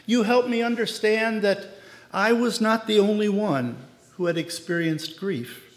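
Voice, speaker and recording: A man voicing a grieving woman who sincerely thanks her pastor, speaking softly and earnestly in a reverberant hall. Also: mid-range voice, a little slow, pitched above the performer's own voice, close to an everyday voice. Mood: earnest, grateful.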